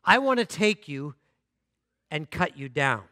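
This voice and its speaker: A man voicing a serious, loving male master of a garden who speaks gravely and tenderly, in a story told in a sermon. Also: a little high, very animated, bright, forceful tone, no echo, clean studio sound, exaggerated voice. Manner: grave and slow, with tender address.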